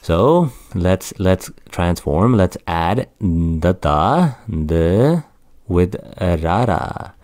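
A man's voice: sits low, animated, drawn-out words, a little mellow, dry recording, clean studio sound. A man teaching the Punjabi script in an online lesson, explaining patiently and repeating words as he goes. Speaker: language tutor.

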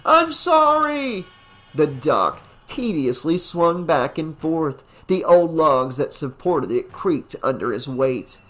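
A man narrating a fan novelization as an audiobook in a dramatic, deliberate reading. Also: fairly high pitch. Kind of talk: scripted narration.

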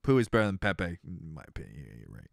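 A man in his thirties with a deep, creaky voice talks at a quick pace, recorded with clean studio sound and no echo. As a streamer hosting a casual let's-play, he offers game commentary, chats and jokes with viewers, and laughs often in an animated way.

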